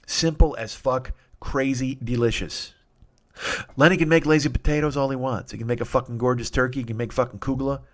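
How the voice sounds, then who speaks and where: A middle-aged man hosts a podcast, talking at an ordinary mid pitch. He rambles through a comic monologue full of swearing and now and then bursts out loudly. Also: a little fast. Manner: profane, animated, with sudden loud outbursts.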